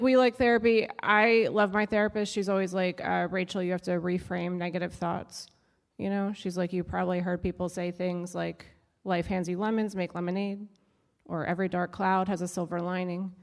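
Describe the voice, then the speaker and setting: A woman's voice: on the low side, little pitch movement, moderate pace, long reverb tail. A young adult woman doing a stand-up set on stage, wry and self-deprecating with punchy delivery. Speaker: stand-up comedian. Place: stage of a live show.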